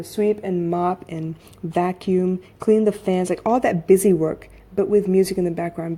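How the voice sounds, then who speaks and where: A woman with a low, mellow and soothing voice talks straight to listeners in a casual motivational monologue. She is candid and repeats herself, then builds to emphatic urging, like a coach hosting her own podcast. She records on a phone. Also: breathy edge.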